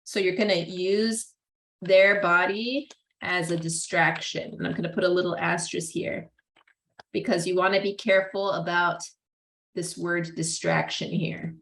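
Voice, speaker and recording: A woman's voice: on the low side, steady tone, unhurried, fairly bright tone. A young adult woman giving a casual psychology lecture in a classroom, chatty, full of "like" and "right?", acting out what parents say. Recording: roomy echo.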